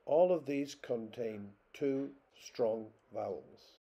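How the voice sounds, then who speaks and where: A man narrating a scripted phonetics lesson, reading example words one at a time in a slow, deliberate way. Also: medium pitch, slightly rough, muffled recording. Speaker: teacher.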